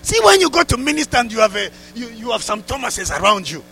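A man preaching a sermon through a story, dropping to hushed asides and rising to loud exclamations. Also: very high voice, sing-song, fast, faint music behind, rough recording. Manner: laughs between lines.

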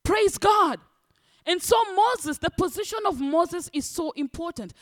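High-voiced woman preaching. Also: a little slow. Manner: animated, acts out congregants' voices. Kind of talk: sermon.

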